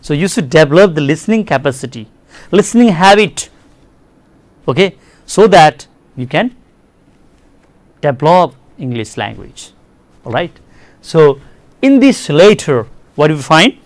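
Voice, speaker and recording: A man's voice: a little high, sing-song, unhurried, long pauses, no room sound. Nepali-accented man teaching English. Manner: repeats words, addresses "my dear students". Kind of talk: classroom lecture on television.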